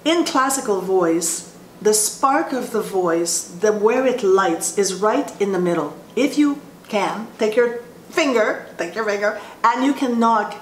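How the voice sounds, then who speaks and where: A woman voice teacher explaining vocal placement in a slow, halting way, often restarting her sentences. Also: mid-range voice, animated. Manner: explains slowly with frequent restarts. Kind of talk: instructional talk with sung demonstrations. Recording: roomy echo with faint ambient noise.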